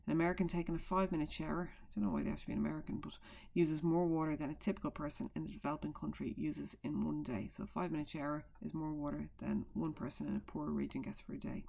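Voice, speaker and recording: Low, creaky-voiced woman teacher. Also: warm tone. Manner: chatty, explains with asides and fillers. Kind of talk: recorded remote lesson. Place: at home.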